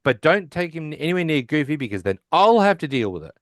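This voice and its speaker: A man's voice: on the high side, big pitch swings, fast talker, fairly bright tone, dry recording, clean studio sound. A man co-hosting a podcast, casually retelling a sitcom episode scene by scene with lots of fillers and restarts. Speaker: podcast co-host.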